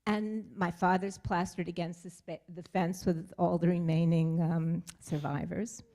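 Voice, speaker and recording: An older woman with a fairly low voice tells a family story from the front of a synagogue sanctuary. She speaks in a heartfelt, halting way, pausing often and using fillers as she goes. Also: steady tone, warm tone. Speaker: congregant sharing a family story. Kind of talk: personal storytelling at a service.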